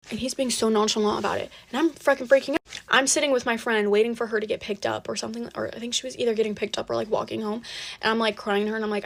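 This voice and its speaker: Teen girl spilling drama, slightly high voice, lots of likes and cussing. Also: fairly even intonation, quick pace, a bit bright. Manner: dramatic, swears, heavy use of "like". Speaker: storyteller. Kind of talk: casual storytime.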